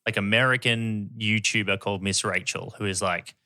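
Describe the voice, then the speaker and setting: A young Australian man co-hosting a podcast, chatting and telling a story in a relaxed way. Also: fairly low pitch, moderate pace, no room sound, studio quality. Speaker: podcast co-host. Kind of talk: casual podcast chat.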